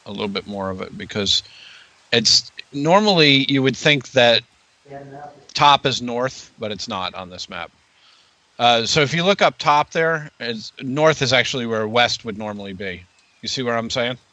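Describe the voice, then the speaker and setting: Rambling bright-voiced male game master. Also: mid-range voice. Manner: rambling, full of fillers. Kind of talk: narrating a tabletop game. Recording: dull lo-fi recording.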